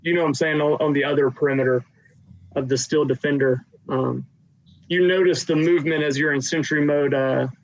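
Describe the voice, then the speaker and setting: Brief: male game master, slightly high voice, loose and rambling narration. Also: fairly even intonation, a little fast, poor audio. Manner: rambling, with many fillers and restarts.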